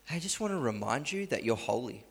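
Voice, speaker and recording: A man preaching voices God the Father as a gentle dad reassuring his son. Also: medium pitch, big pitch swings, quick pace, husky, in a large hall. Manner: soft and reassuring.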